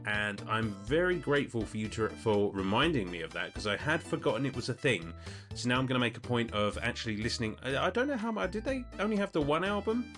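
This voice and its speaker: A British man hosts a podcast and answers listener questions in a loose, chatty way. He rambles and keeps correcting himself as he goes. His voice sits at an ordinary middle pitch, and faint music plays behind him. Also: a bit bright. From United Kingdom. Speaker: podcast host.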